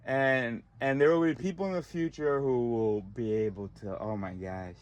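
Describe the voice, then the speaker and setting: A man's voice: mid-range voice, fairly even intonation, moderate pace. A man ranting in a profane, exasperated monologue, recorded in a car. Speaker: vlogger.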